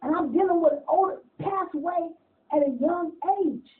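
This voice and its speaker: Woman, high voice, casual storytelling, animated, swears freely, tinny phone-like sound. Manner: acts out other people's lines in quick bursts. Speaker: interviewee.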